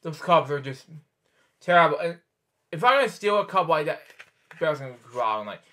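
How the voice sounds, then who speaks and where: A man's voice: a little high, moderate pace, sharp tone. A man reading a picture book aloud, stumbling over words and breaking off into rambling side comments. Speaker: storyteller host.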